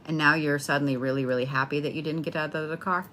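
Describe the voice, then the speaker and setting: A tarot and astrology reader gives a casual spoken horoscope, blunt, playful, chatty and full of swearing. Her low-pitched voice is steady, fast and fairly bright.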